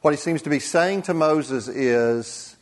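A man preaching a sermon as pastor, deliberate, with dramatic pauses and soft drops for emphasis. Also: fairly high pitch.

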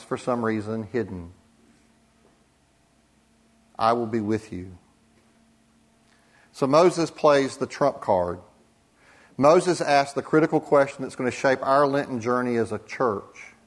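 A pastor preaches a sermon deliberately, using dramatic pauses and dropping his voice softly for emphasis. He speaks at a medium pitch.

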